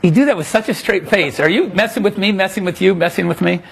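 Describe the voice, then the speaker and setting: A man's voice: high voice, quick pace, vocal fry, breathy edge. A man presenting his own magic trick on a live sales show, joking, laughing often and telling stories. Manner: jokey, laughs often, storytelling. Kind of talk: casual live demo chat.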